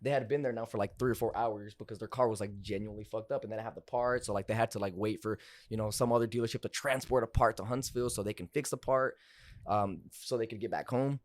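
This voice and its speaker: Fast-talking young man telling a story. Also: fairly low pitch, steady tone, dry recording. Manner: loose, profane, lots of fillers like "like" and "bro". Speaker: podcast guest, car salesman. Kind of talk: casual storytelling chat.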